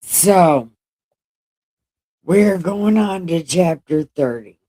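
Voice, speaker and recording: A woman's voice: fairly low pitch, lively intonation, extremely slow, warm tone, no room sound. A woman casually reading scripture aloud and breaking off for irreverent, profane asides. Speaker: Bible reading vlogger. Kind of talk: casual Bible reading with commentary.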